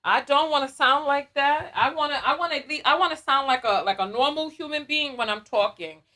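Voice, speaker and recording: A woman's voice: high-pitched, fairly quick, sharp tone. A woman talking casually and emotionally on a livestream, repeating herself and thanking viewers. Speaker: vlogger and aspiring public speaker.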